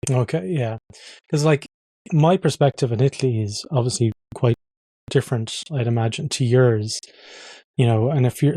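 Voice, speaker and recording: Male podcast host, mellow dry voice, chatty and laughing. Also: mid-range voice, no room sound. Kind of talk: podcast conversation.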